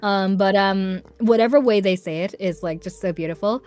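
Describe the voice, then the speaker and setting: A woman from Northern Ireland with a Northern Irish accent, a voice actor chatting as a guest on a livestream in an animated, talkative way. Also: medium pitch, moderate pace. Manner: chatty, animated, laughs often. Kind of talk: casual chat on a livestream.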